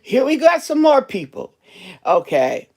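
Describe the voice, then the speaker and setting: A woman who works as a cashier, telling a story in a casual vlog and talking straight to her viewers in a chatty, animated way. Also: sits high, a little slow.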